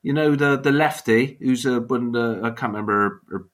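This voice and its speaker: A man's voice: mid-range voice, moderate pace. A man with a Bristol accent, an actor guesting on a podcast, chatting in an easygoing, rambling way. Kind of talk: casual podcast chat.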